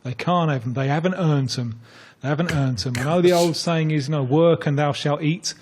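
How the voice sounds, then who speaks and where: A man's voice: on the high side, brisk, darkish tone. A man talking as a football pundit on a radio phone-in, telling a story in a hesitant way and often repeating his words.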